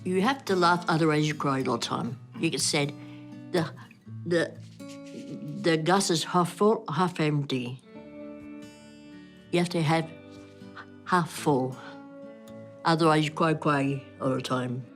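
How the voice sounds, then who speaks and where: A woman from Australia in a casual interview, speaking haltingly and repeating herself. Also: low voice, soft background music.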